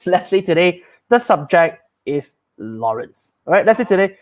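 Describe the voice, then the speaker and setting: A man's voice: high-pitched, sing-song, normal speed. A man, giving a live sales training talk as a coach. He is upbeat and emphatic and repeats his key phrases.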